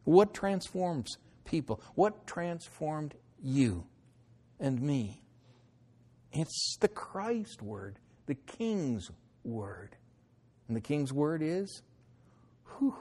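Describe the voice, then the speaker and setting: A middle-aged man preaching a sermon, moving between loud declarations and hushed, pleading lines. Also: a little high, very animated, drawn-out words, pauses often, slightly rough. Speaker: pastor.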